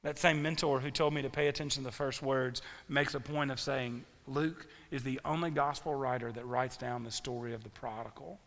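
Male pastor, animated sermon delivery, gravelly and bright tone, echoing hall. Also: medium pitch, brisk, hardly any pauses. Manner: animated storytelling preacher. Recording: long reverb of a large hall.

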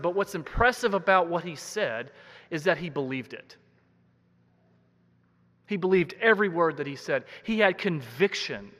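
A man's voice: sits high, fairly bright tone. A man preaching a sermon as pastor, earnest and emphatic, repeating key words for weight. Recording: long hall reverb.

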